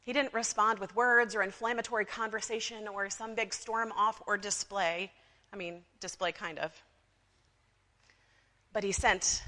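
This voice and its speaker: Casting: woman pastor, chatty storytelling sermon, bright and sharp, long reverb of a church hall. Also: medium pitch, fairly even intonation, measured pace. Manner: conversational, with frequent asides to the congregation. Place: church sanctuary.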